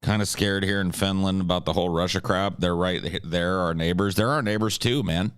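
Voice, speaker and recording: A man's voice: low-pitched, fairly even intonation, fairly quick, clean tone, no room sound, studio quality. A man hosting a livestream, chatting casually and reading viewer comments in a crude, profane, sarcastic way. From United States. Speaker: livestream host.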